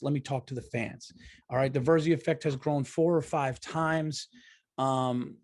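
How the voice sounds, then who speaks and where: A man's voice: fairly high pitch, dry recording, clean studio sound. A man who is a comedian, hosting his own podcast alone and going on a swearing, exasperated rant full of restarts. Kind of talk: casual solo podcast rant.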